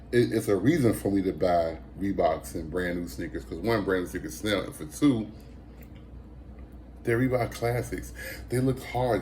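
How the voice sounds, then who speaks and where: Lowish-voiced man telling a casual story. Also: slight background noise. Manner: animated storyteller, acts out quoted voices, many fillers and restarts. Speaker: thrift reseller and vlogger.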